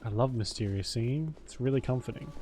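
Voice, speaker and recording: A man's voice: medium pitch, quick pace, a little mellow, faint music behind. A man casually commenting on a game he is playing live, joking and muttering his reactions. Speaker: streamer.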